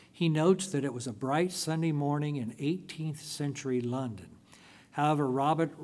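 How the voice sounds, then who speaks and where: A male pastor delivers a sermon at a slow, unhurried pace. He tells the story in a deliberate way, stretching out key phrases. His voice sits at a middling pitch for a man. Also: darkish tone.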